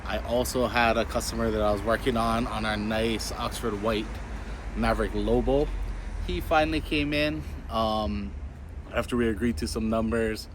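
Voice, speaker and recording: A young adult man with a stuffed-up, congested voice, giving a relaxed, chatty vlog update. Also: fairly low pitch. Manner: relaxed, chatty, many ums. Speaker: car salesman vlogger. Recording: background noise behind the voice.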